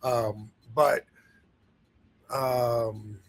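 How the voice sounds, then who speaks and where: A man's voice: mid-range voice, fairly even intonation, very slow. A man hosting a podcast in casual chat, rambling with many fillers and restarts. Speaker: podcast host.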